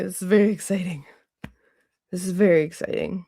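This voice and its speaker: A woman hosting a casual livestream, gushing and excitable, gasping and laughing often. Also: medium pitch, moderate pace, husky, dry recording, clean studio sound. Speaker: livestream host.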